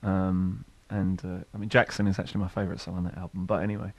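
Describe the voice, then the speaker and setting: A man's voice: low-pitched, level tone, fast, creaky, no echo. A man from a band, chatting casually and telling rambling stories in a radio studio interview. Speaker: band member.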